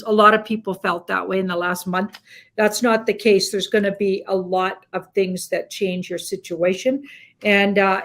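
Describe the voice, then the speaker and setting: A woman's voice: mid-range voice, fairly bright tone. A woman doing a casual tarot reading on a live show, rambling and hedging with "like". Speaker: tarot reader.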